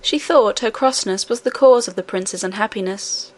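A woman narrating a classic children's fantasy novel in a calm, measured way. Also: mid-range voice, slight background noise. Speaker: audiobook narrator.

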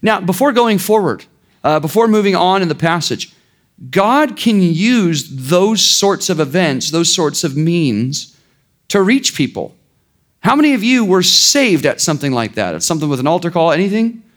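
A man's voice: high-pitched, big pitch swings, moderate pace. A man preaching a sermon in an informal, conversational way, with sarcastic asides and frequent restarts. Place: church.

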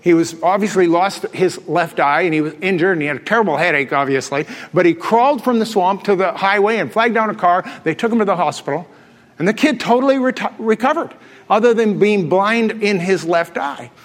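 A man with a high voice preaches to his congregation, mixing jokes and laughter into his storytelling. His voice rings out in a large church hall with a long reverb tail. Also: fairly quick. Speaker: pastor. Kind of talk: sermon.

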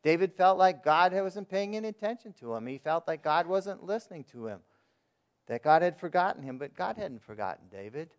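A man's voice: fairly high pitch, expressive, fairly quick. A man preaching a sermon in a plain, conversational way, asking his listeners questions and reading verses aloud. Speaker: pastor.

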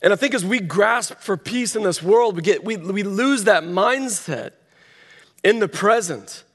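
A man's voice: high voice, expressive, takes it slowly. A man preaching a sermon, telling a story with dramatic voiced quotes. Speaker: pastor. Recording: long reverb of a large hall.

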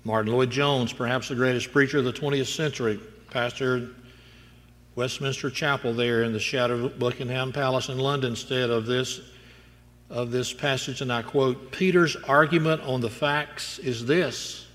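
A man's voice: mid-range voice, little pitch movement, moderate pace, fairly bright tone. A male pastor preaching a sermon, moving from storytelling to emphatic declarations. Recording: long reverb in a large hall.

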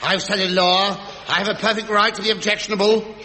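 A man's voice: sits high, flat delivery, a little fast, sharp tone, long reverb tail. A male comedian hosting a 1970s radio comedy sketch, with a camp, exasperated, wheedling manner. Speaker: comedian and host. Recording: live audience, heavy noise.

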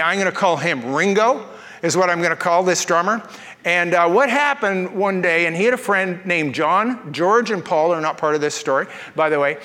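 A man preaching a sermon as pastor, telling stories in an animated way with playful asides, recorded in a church. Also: high-pitched, long reverb tail.

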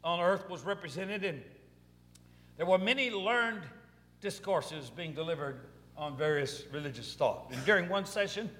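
A man's voice: sits high, expressive, moderate pace, a bit bright, in a large hall. A man pastor delivering a sermon, building to impassioned preaching. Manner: preaching with swelling intensity.

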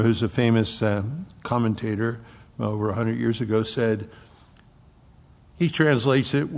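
Gravelly-voiced male preacher in a hall. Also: medium pitch, fairly even intonation, measured pace, long pauses. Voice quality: gravelly, husky voice. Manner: preaches with strong swings from loud emphasis to hushed near-whispers. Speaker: pastor. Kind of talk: sermon.

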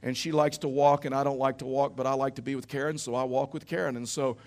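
A man's voice: mid-range voice, level tone, fast. A middle-aged man preaching a sermon in a church, telling stories in a conversational way and tossing rhetorical questions to the congregation. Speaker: pastor.

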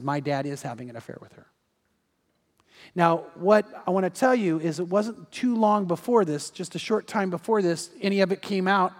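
Man, high voice, pastor preaching in a big reverberant church hall, shifts from loud pleading to hushed. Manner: storytelling, swings from loud urging to hushed. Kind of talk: sermon. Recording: long reverb of a large hall.

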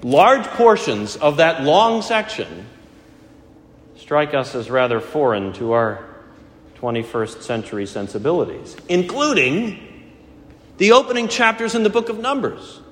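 A middle-aged male pastor preaches with a lively, rising-and-falling voice and a touch of dry humor. His words ring out in a church sanctuary with a long, echoing reverb. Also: fairly high pitch, measured pace. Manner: conversational, gently humorous preaching. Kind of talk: sermon. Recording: echoey church hall.

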